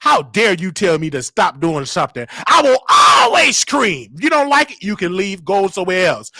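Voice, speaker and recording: A man hosting a loud live show, his very high voice swinging wildly as he shouts and preaches. The tone is sharp and bright, with a gravelly edge. It is recorded close and dry. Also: moderate pace, hardly any pauses, no echo. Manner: shouting, preachy, animated, scolding listeners. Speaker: show host. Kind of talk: loud live-stream commentary.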